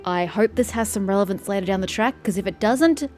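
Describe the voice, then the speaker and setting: A woman's voice: medium pitch, a little fast, a little mellow, faint music behind. Young woman, let's play host, sarcastic asides, grumbling at the game. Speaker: gaming streamer.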